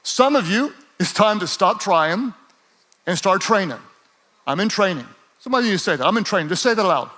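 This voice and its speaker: A man preaching a sermon to a live audience. He is energetic and playful, acts out quoted voices, and builds up to shouts. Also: high-pitched, brisk. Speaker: pastor.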